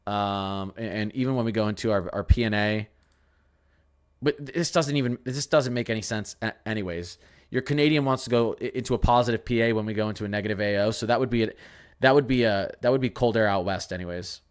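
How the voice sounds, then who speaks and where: A man's voice: on the low side, fast talker, clear, resonant tone. A young man hosting a casual weather stream, answering viewer questions and rambling through model charts, often repeating himself. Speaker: weather channel host. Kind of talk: casual livestream weather talk.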